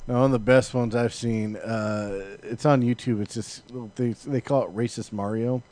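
A man's voice: medium pitch, fairly even intonation, moderate pace, darkish tone. Sarcastic, teasing male podcast co-host. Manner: sarcastic, teasing, ranting jokes. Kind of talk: casual chat.

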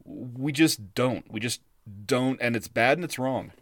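A man co-hosting a podcast in a rambling, casual chat style, full of fillers and quick laughs. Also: medium pitch, fairly bright tone, slight background noise. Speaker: podcast co-host.

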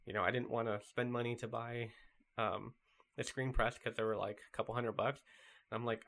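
A man's voice: mid-range voice, steady tone, a little fast, a bit bright. Man, sermon, conversational, storytelling, casual fillers. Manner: conversational, storytelling with acted quotes.

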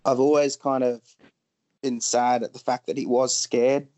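A man's voice: mid-range voice, little pitch movement, warm tone, dry recording. Man, emotional storyteller, hesitant delivery, dry close sound. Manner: halting, frequent ums, pauses.

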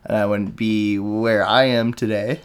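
A man's voice: lowish voice, flat delivery, unhurried, clean tone. Emotional young man hosting a podcast. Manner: emotional, rambling. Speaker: podcast host. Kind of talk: casual interview.

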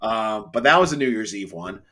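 A man co-hosting a podcast in casual chat, telling animated stories, laughing often and mimicking people's voices. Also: on the low side, normal speed, slight background noise. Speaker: podcast co-host.

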